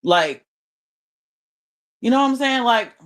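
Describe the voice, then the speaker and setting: A woman hosting a livestream, her voice bright and sharp-edged. She talks slowly and deliberately, venting with emphasis and swearing freely. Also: fairly high pitch, animated. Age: adult mother. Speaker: livestream host. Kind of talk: unscripted livestream monologue.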